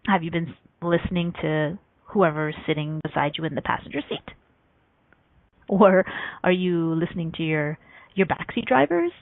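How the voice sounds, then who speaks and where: Woman, radio host, low gravelly voice, animated storytelling, frequent laughs, dry tinny phone-line sound. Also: moderate pace, no room sound. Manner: laughs often between points. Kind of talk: motivational talk show monologue.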